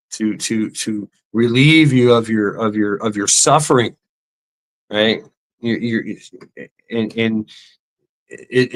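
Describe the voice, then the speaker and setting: A man's voice: on the low side, fairly bright tone. A man ranting casually and sarcastically as a vlogger, with lots of stammered repetitions and swearing. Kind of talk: casual profane rant.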